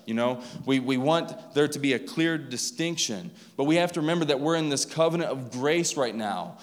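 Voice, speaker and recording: A man's voice: medium pitch, normal speed, hardly any pauses. A man preaching a sermon to his congregation in a casual, conversational way, with asides to the people in the pews. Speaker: pastor. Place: church sanctuary. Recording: long reverb of a church hall.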